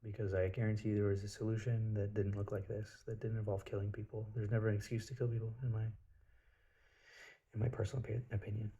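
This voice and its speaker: A man's voice: fairly low pitch, level tone, fast talker, dark tone, dull audio. A man telling stories in a rambling, casual monologue, swearing freely. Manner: rambling, profane storytelling.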